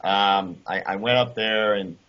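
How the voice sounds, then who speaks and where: A man being interviewed, telling a story in an animated way and acting out the people in it. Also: on the low side, a little slow. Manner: animated, acts out quoted voices. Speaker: guest, former kayaker. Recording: dull lo-fi audio.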